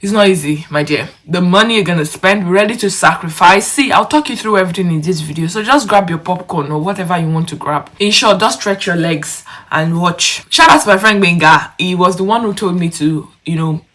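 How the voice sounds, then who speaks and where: A woman's voice: lowish voice, a little fast, hardly any pauses, a bit bright. A young woman, talking to her viewers in a chatty, casual vlog. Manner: chatty, addresses viewers directly. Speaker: vlogger. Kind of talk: casual vlog talk to camera.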